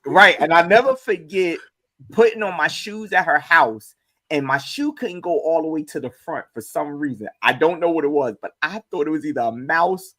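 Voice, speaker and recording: Animated storytelling comedian man. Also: a little high, normal speed. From Newark, New Jersey. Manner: animated, acts out his stories with sound effects. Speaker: comedian guest. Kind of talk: casual storytelling chat.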